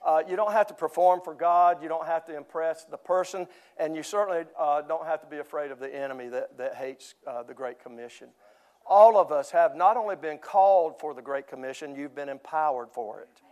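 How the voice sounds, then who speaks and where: A man's voice: a little high, fairly quick, darkish tone. An older man preaching a sermon in church, telling jokes and chuckling often. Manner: joking storyteller, chuckling often. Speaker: pastor.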